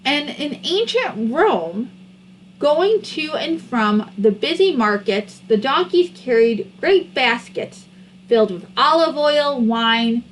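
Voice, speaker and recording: A woman reading a children's picture book aloud in an expressive, sing-song manner. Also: high-pitched, takes it slowly, slight background noise, low-quality recording. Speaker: storybook reader.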